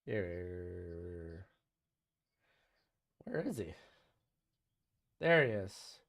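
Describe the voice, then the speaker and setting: Here a young male streamer talks loosely about draft picks and answers his chat, chatty and full of offhand takes as he handles viewer questions. His low voice carries vocal fry and a fairly bright tone. He's very animated yet speaks extremely slowly.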